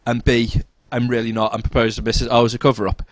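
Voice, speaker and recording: A man's voice: fast, no room sound. Man, podcast co-host, casual storytelling, dry close sound. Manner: animated, jumps into high-pitched quoted voices.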